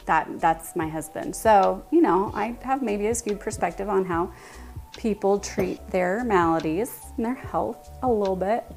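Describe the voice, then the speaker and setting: A chatty woman in her thirties hosts a casual baking livestream from her home kitchen. She talks at an ordinary pitch, greets viewers and reads their chat aloud, and laughs often. Faint music plays behind her. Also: moderate pace, a little mellow. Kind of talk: casual live-stream chat while baking.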